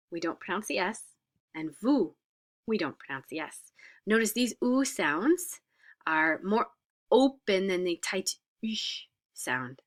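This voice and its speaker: A woman French teacher explaining grammar in a recorded lesson, patient, with frequent "uh" fillers and whispered examples. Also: fairly low pitch.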